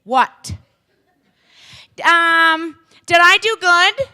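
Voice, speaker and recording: A man's voice: extremely high pitch, animated, very slow, sharp tone, pitched above the performer's own voice, full character voice. A woman doing a whiny little boy. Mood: whining. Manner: whining, pleading. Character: whiny young boy hockey player.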